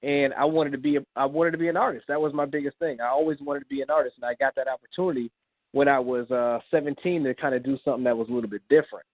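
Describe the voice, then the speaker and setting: A man's voice: medium pitch, racing, dry recording. A man in his thirties, a comic book creator, telling personal stories as a guest on a call-in radio show. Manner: animated, recounts with quoted dialogue. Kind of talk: casual storytelling on a radio interview. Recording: tinny phone line.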